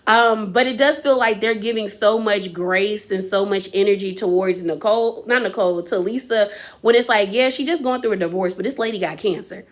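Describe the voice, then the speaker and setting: A woman's voice: mid-range voice, brisk. A woman, giving an opinionated, chatty recap of a reality show and acting out quotes from the cast. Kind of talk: casual recap commentary.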